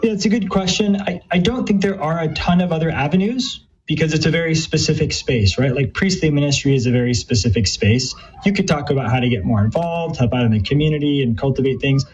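In a dull lo-fi recording with a little hiss or hum, a man from a Catholic youth ministry earnestly answers interview questions about ministry, full of fillers and restarts. His slightly mellow voice sits on the high side and runs fast with few pauses.

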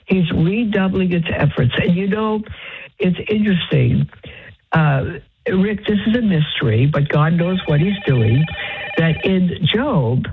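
A nun who is unwell and short of breath makes a halting, pleading fundraising appeal over the phone from her bed. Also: fairly low pitch, expressive, a little hiss or hum. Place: lying in bed in her convent cell. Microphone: phone line. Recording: tinny phone line.

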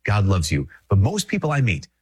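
A Catholic priest from Minnesota giving a conversational, emphatic reflection, repeating phrases and chuckling often. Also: male voice, fairly low pitch, wildly swooping pitch, a little fast, breathy edge. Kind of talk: spoken reflection to an audience.

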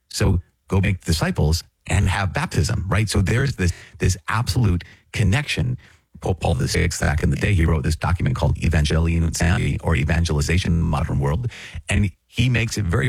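Very deep husky-voiced male preacher. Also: darkish tone, no room sound. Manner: conversational, earnest, frequent "right?" check-ins. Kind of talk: recorded catechetical talk.

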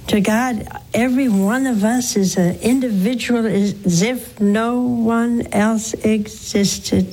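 A nun on a call-in program preaches in an earnest, coaxing way and keeps turning her points into questions for the listener. Her voice sits a little high, and she takes her time with every phrase. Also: steady tone, slow, dark tone, slightly rough, rough recording. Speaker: nun hosting a call-in show. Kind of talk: preaching and counseling callers.

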